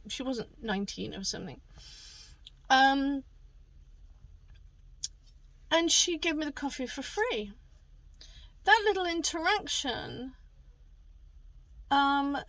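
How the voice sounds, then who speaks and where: A woman's voice: sits high, fairly bright tone, rough recording. A middle-aged woman talking casually as a tarot reader, rambling with many fillers and restarts. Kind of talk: casual monologue.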